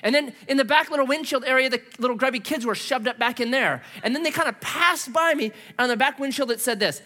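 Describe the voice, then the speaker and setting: A middle-aged man preaching a sermon from a church stage. He tells personal stories in an animated, self-mocking way and acts out his own reactions. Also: extremely high pitch, fast. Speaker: pastor.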